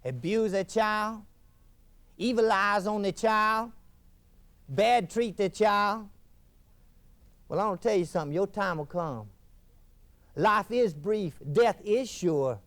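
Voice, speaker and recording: An actor playing a fiery male TV preacher, delivering a folksy fire-and-brimstone sermon with wild swings in pitch. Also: slow pace, pauses often, fairly bright tone, exaggerated voice. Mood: preaching. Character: fiery male TV preacher thundering about damnation. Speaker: televangelist. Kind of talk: scripted mock TV sermon.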